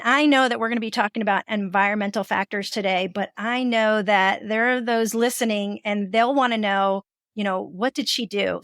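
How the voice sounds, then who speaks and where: A woman's voice: medium pitch, fairly bright tone, no echo, studio quality. A woman hosting a podcast, affirming her guest and asking guiding questions. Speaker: podcast host. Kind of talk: casual interview conversation.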